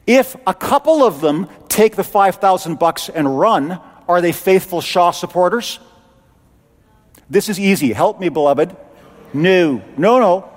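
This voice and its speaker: A man preaching in an animated, conversational way. His voice sits high, and a long church reverb trails after each phrase. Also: unhurried. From Canada. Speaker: pastor. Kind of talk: sermon.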